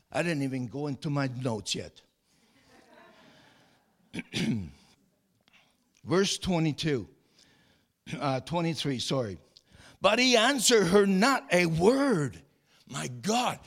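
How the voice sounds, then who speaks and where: A high-voiced man delivers a sermon, his pitch rising and falling in wide arcs. He speaks at an unhurried pace, reading scripture, then preaching with building fervor, often restarting and repeating his words. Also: sing-song, vocal fry. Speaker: pastor.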